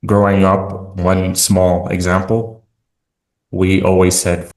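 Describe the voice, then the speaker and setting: American man, low and slow, halting casual guest, roomy echo. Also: level tone, darkish tone. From United States. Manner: hesitant, many fillers and restarts. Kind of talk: casual interview talk.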